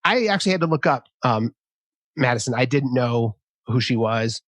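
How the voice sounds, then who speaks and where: A man's voice: mid-range voice, moderate pace, dry recording. A man in his fifties hosting a podcast interview, talking casually and acting out quotes in a raised voice. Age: 50s. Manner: animated, acts out quotes in a raised voice. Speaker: podcast host.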